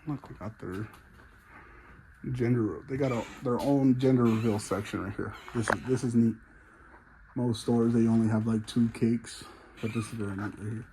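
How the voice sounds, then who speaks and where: A man's voice: medium pitch, fairly even intonation, moderate pace, dark tone, slight background noise, rough recording. A man vlogging casually as he walks through a large store, out of breath and chatting with enthusiasm. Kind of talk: casual walk-through vlog. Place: large fireworks store, indoors.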